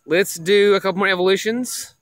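Excitable young man streaming a mobile game. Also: high voice, fairly quick, no room sound. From Tennessee. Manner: excitable, repeats himself, addresses chat as guys. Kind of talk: casual live-stream gaming chat.

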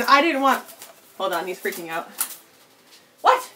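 A woman's voice: on the high side, sing-song, unhurried, pauses often, bright, forceful tone, a little hiss or hum. A woman streaming cosplay work from home, chatting casually with viewers and her pet bird, laughing often. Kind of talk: casual live stream chat.

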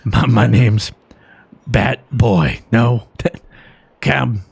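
A young man chatting over a game while joking in a put-on gruff Western drawl. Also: medium pitch, fairly even intonation, very slow, a little mellow, no echo. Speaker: gaming YouTuber. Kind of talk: joking gameplay chat with put-on cowboy voices.

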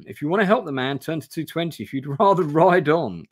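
A man's voice: medium pitch, animated, a little fast. A man streaming a gamebook play-through from home on camera, reading aloud casually, swearing and chatting to viewers. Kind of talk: live reading and casual chat. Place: home room.

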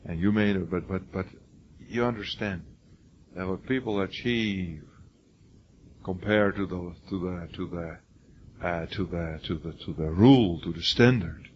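A man's voice: low voice, unhurried. An older man giving a college classroom lecture, emphatic and prone to restarts, calling on students by name. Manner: frequent restarts and repeated words. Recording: lo-fi classroom recording with faint noise.

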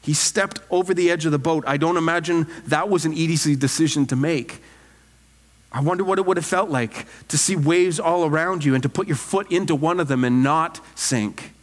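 Male pastor, slightly high voice, earnest sermon, long church reverb. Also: moderate pace. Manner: earnest, animated preaching with rhetorical questions. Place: church sanctuary.

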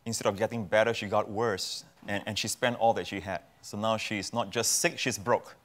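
A man's voice: on the low side, fairly even intonation, moderate pace, fairly bright tone. A man, a pastor, preaching as a guest in a television studio interview, with emphatic repetition of key phrases. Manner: emphatic, repeats phrases for effect. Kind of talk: preaching in a talk show interview.

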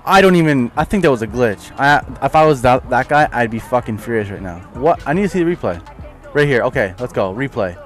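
Young guy yelling and cussing over a football game, voice all over the place, bit of music behind. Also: medium pitch, fairly quick. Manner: excitable, swears a lot, yells at plays, trash-talks opponents. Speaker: gaming YouTuber. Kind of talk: live gameplay commentary.

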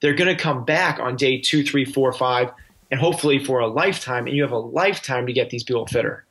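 A man's voice: mid-range voice, fast, fairly bright tone. A man talking earnestly as a coaching guest on a podcast, restarting his sentences often. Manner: earnest, with many restarts and fillers. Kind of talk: casual interview talk.

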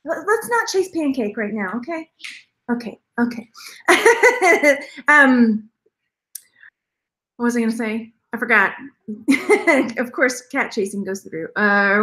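Chatty woman on a live stream, high sharp voice, rambles and laughs a lot. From Texas. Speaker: jewelry reseller, channel host. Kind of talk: live-stream chat with viewers.

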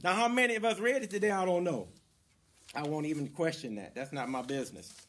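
An imam delivers a Friday sermon in a mosque, speaking emphatically and repetitively, his voice rising for stress before dropping low. His delivery is brisk and a bit bright.

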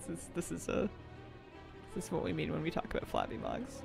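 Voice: medium pitch, gravelly. Giggly, chatty game streamer. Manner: chatty and giggly, reads out chat. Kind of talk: casual live-stream chat while gaming.

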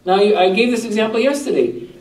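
A man's voice: high-pitched, animated, fast talker, darkish tone. A man giving a religious talk to a group, often putting questions to the listeners. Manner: rhetorical questions to the audience. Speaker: religious teacher. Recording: echoey room, voice far from mic.

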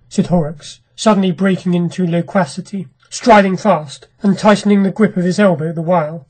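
A podcast narrator reading a classic short story aloud in a measured, dramatic way. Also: medium pitch, fairly even intonation, darkish tone, slightly rough, poor audio. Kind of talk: scripted audiobook narration.

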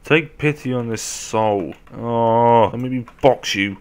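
A young man commentating a game as he plays, often shouting at zombies. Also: medium pitch, takes it slowly, clean tone. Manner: animated, often yelling at zombies. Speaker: gameplay commentator. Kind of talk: let's play commentary.

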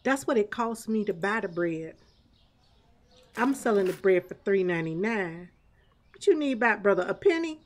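A woman's voice: mid-range voice, animated, moderate pace, pauses often. A woman streamer giving chatty live gameplay commentary, laughing often and talking back to chat and the game's customers.

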